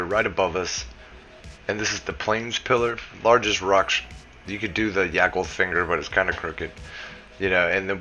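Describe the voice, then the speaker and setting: A man with a Southern US accent, a creator of game building guides, gives a casual, chatty voice-over for a building tutorial, sprinkling in lots of "you know" asides. His voice is low-pitched yet bright, with a forceful tone.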